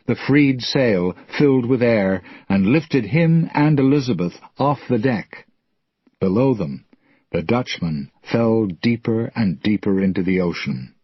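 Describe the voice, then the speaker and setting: Slow husky male story narrator. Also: fairly low pitch, expressive, no room sound, dull audio. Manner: clear, deliberate.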